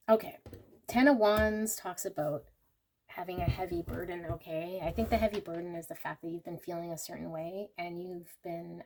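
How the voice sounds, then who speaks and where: A woman giving a casual pick-a-card tarot reading to her viewers, emotional and chatty with many fillers. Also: fairly low pitch. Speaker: tarot reader.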